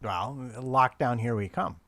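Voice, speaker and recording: A man in his forties co-hosting a casual chat from home over a video call, with a wry, deadpan sense of humor. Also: mid-range voice, a little slow, no echo. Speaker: podcast co-host.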